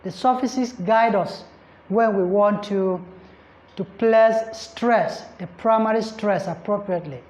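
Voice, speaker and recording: Slow deliberate woman teaching English. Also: medium pitch, a little mellow. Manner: slow, deliberate, repeats points and spells words letter by letter; checks in with listeners. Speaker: English exam tutor. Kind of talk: classroom lecture. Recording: echoey room, slightly dull sound.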